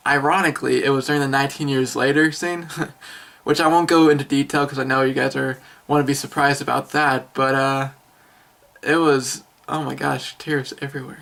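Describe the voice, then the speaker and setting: An eighteen-year-old man reviews a film for his vlog at a middling pitch. He gushes and rambles, trailing off into fillers and restarting his sentences. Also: normal speed, vocal fry. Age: young adult. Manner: excitable, rambling, many fillers.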